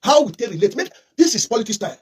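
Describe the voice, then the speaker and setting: A Nigerian man who slips into Pidgin, talking in a high, husky voice as he delivers heated political commentary. He rushes through his points with fervent, repetitive emphasis. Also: big pitch swings.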